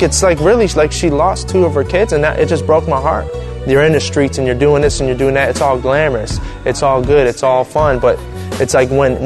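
A young man telling his personal testimony in an earnest, halting way, with frequent restarts and fillers. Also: mid-range voice. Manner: earnest, halting, emotional storytelling.

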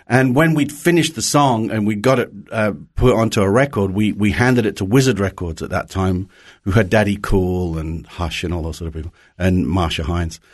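A man's voice: fairly low pitch, normal speed. A Scottish-accented man in his sixties, a pastor and songwriter, telling stories cheerfully in an interview with chuckles and restarts. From Scotland. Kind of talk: casual interview chat.

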